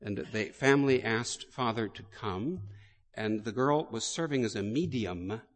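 A man, a priest, delivering a sermon slowly and deliberately in a large church. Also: mid-range voice. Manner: slow, deliberate storytelling. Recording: long hall reverb.

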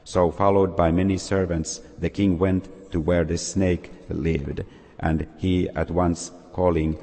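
Storyteller, man, very low husky voice, measured folk-tale reading, long reverb. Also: level tone, dark tone. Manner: slow, measured reading with small slips.

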